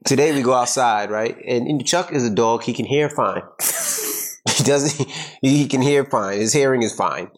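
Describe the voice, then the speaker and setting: A man's voice: mid-range voice, normal speed. A man co-hosting a podcast in casual chat, laid-back and blunt, telling stories with animation. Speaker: podcast co-host.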